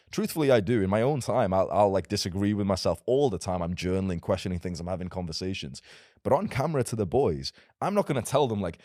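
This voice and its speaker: A man's voice: on the low side, expressive, fast, darkish tone, no echo, studio quality. A young man in casual podcast conversation, talking as a self-improvement creator in a blunt, emphatic and provocative way.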